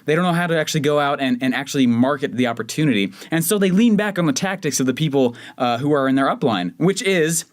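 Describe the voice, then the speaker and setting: A man's voice: fairly high pitch, animated, fast talker, few pauses. Chatty young man hosting a podcast. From Denver, Colorado. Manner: chatty, self-mocking, with many fillers and restarts. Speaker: podcast host. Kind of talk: casual solo podcast storytelling.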